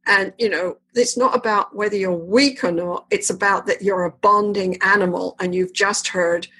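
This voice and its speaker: A woman's voice: medium pitch, steady tone, normal speed, fairly bright tone, breathy edge, low-quality recording. A woman therapist in a conversational interview, explaining relationships with emphatic, vivid storytelling. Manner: retells therapy sessions with vivid acted-out dialogue. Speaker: therapist guest.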